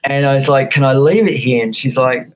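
A man with an Australian accent, a guitar maker being interviewed, telling an animated story and acting out the quotes. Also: medium pitch, a little fast, slight background noise, low-quality recording. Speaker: guest luthier.

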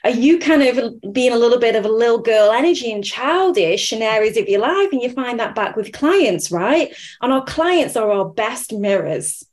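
A woman's voice: on the high side, normal speed, few pauses. A woman hosting a podcast, chatting casually and acting out the voices in her stories. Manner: animated storyteller, acts out quotes. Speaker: podcast host. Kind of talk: casual interview chat.

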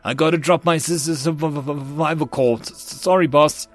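A man's voice: medium pitch, normal speed, fairly bright tone, faint music behind, lightly acted. A man voicing a stuttering male tank crewman in an audiobook. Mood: stammering, apologetic. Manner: heavy stutter. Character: male crew member Bouncy, stammering.

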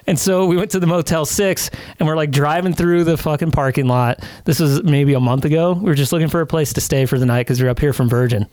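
A man's voice: on the high side, fairly even intonation, fast talker, few pauses, darkish tone, no echo. A man co-hosting a podcast who tells a story in casual chat, swearing often and laughing as he goes. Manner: profane, laughing while telling a story. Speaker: podcast co-host. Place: podcast studio.

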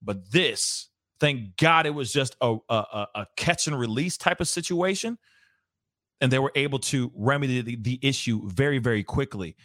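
A man's voice: mid-range voice, moderate pace, no room sound, clean studio sound. A man hosting his own commentary show, reacting with lots of laughter and repeating phrases. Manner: laughs hard and often, animated, repeats phrases. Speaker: show host. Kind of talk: casual commentary on a news clip.

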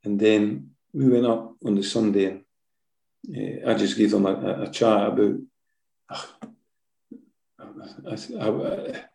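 A Scottish man with a mellow, warm voice tells animated stories from his football management days, often ending sentences with "eh?". He is recorded in an echoey room. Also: on the low side, takes it slowly, vocal fry, pauses often. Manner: lively storyteller, tags sentences with "eh?". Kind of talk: anecdotal interview storytelling.

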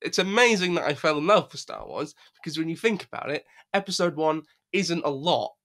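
Bright-voiced man rambling in casual chat. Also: a little high, sing-song, fairly quick. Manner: rambling, profane, laughs often. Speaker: podcast co-host.

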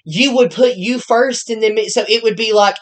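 A man's voice: very high-pitched, normal speed. A young man co-hosting a casual sports podcast who teases and jokes with the others. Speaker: podcast co-host.

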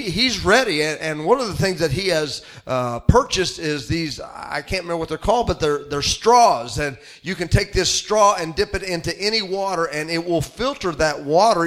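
A middle-aged man preaches in a high, bright voice. He talks in a folksy, conversational way, with lots of "uh" and restarts. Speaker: pastor. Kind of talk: sermon.

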